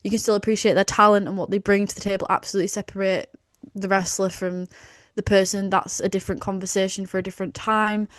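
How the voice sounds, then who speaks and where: A woman's voice: mid-range voice, flat delivery, quick pace, no echo, studio quality. A woman co-hosting a podcast, reviewing bluntly and casually, swearing freely. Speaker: podcast co-host.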